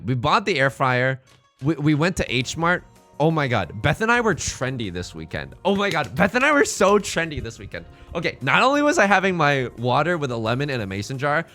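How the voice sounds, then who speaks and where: Man, slightly hoarse, livestreamer, excitable, very lively pitch, faint music behind. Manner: excitable, self-mocking, talks to chat. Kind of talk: casual stream chat while gaming.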